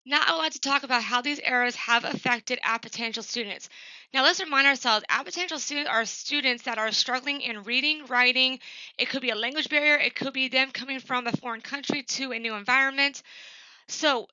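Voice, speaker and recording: A woman's voice: high-pitched, a little fast, sharp tone, no room sound, dull audio. A woman giving a recorded class presentation for her professor. She talks plainly and earnestly, with frequent ums and uhs. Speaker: student presenting an assignment.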